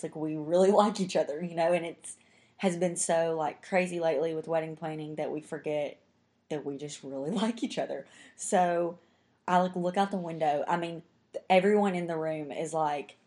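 A woman's voice: low-pitched, mellow. A young woman telling a story in casual chat, talking chattily and saying "like" constantly.

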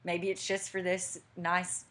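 Lively young woman telling a story. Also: fairly low pitch, takes it slowly. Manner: animated storyteller, acting out quotes. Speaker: podcast co-host. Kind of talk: casual chat, storytelling.

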